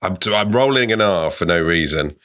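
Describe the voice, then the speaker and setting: A man's voice: low voice, expressive, fairly quick, fairly bright tone. A man co-hosting a podcast in casual chat, cracking jokes and interrupting with puns. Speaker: podcast co-host.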